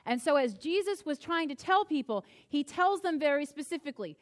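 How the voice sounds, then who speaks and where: Female preacher with a high voice, lively and emphatic from the pulpit. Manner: animated, emphatic, slows down to stress key phrases. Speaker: pastor. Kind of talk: sermon.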